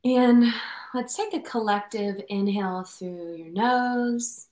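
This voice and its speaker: A woman leading a guided meditation in a soft, slow, soothing voice over a video call. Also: medium pitch, echoey room, rough recording. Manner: soft, slow and soothing, speaks softer as it goes.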